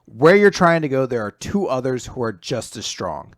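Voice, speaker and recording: A man's voice: medium pitch, very animated, moderate pace, dry recording, clean studio sound, natural voice. Man doing a cool, condescending cloaked stranger. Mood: lecturing.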